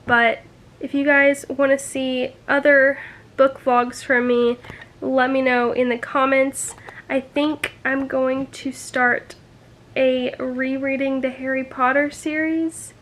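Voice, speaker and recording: Young woman vlogging about a book, high voice, slow, lots of sighs and "like"s. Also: little pitch movement, fairly bright tone. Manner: emotional, sighs often, many fillers. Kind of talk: casual reading vlog reactions.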